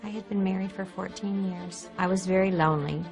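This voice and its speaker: A woman's voice: mid-range voice, fairly even intonation, brisk, vocal fry, music in the background. A woman, a talk show guest, telling her own story in a plain, matter-of-fact way. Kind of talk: recorded personal account.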